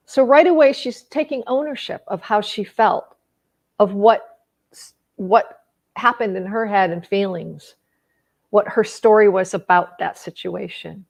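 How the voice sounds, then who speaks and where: A woman's voice: mid-range voice, unhurried, gravelly. A middle-aged woman relationship coach speaking casually to an audience. She often restarts and repeats words, and she acts out quoted conversations in other voices. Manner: acts out quoted dialogue with lively shifts in voice.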